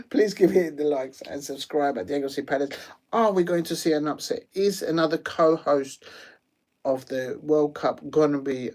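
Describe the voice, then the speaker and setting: A man doing rambling, jokey live commentary on a football match, with slangy asides and sudden excited shouts. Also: fairly high pitch. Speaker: watch-along streamer. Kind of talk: live watch-along commentary.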